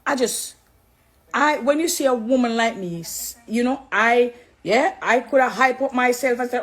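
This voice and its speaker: A woman's voice: fairly high pitch, normal speed. Jamaican woman preaching into her phone. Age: middle-aged. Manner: warm, preachy, switching into patois. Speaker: dancehall artist turned Christian. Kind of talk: direct address live video.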